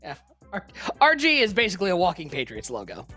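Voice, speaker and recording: A live-stream co-host rambles fast through casual chat at a mid pitch, their voice leaping up and dropping back in an animated, loose way. They jump between bursts of excitement and quiet asides, with faint music in the background.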